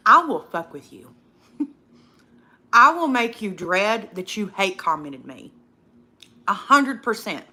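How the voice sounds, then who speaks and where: A woman's voice: mid-range voice, big pitch swings, slow, long pauses, sharp tone. A young woman hosting a casual eating livestream, outspoken and profane, ranting and reading viewer comments aloud. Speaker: livestream host.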